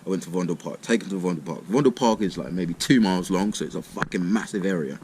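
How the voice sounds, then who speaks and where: A man's voice: deep voice, fast, a little mellow, a little hiss or hum. A young man telling a rambling, casual story full of swearing and "mate". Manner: rambling, swears a lot, says "mate" and "literally" often.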